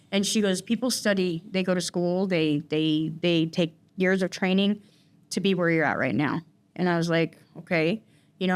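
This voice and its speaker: A woman recounting her personal story in an interview, talking in a rambling way with many fillers and restarts. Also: lowish voice. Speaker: guest in recovery.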